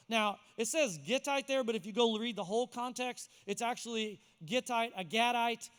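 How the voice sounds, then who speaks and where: High-voiced emphatic male pastor preaching. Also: fairly bright tone, clear, resonant tone, long reverb tail. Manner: emphatic, repeats key words for effect. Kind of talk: sermon. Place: church sanctuary.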